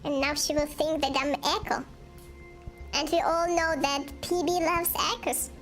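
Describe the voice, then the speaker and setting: A woman streamer talking through a voice changer that turns her into a high, cutesy girl voice, giggly and teasing over her gameplay. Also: fairly even intonation, normal speed, fairly bright tone. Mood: playful. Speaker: game streamer. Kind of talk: casual gameplay chat. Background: game music.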